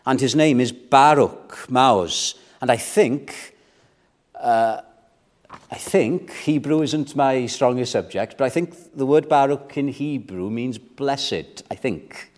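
Male pastor, unhurried sermon delivery, climbs into fervent appeals. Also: mid-range voice. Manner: measured, rising to fervent exhortation.

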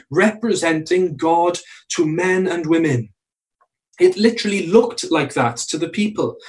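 Man preaching in church, from a distance. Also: sits high. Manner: earnest, slows to stress key phrases. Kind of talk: sermon.

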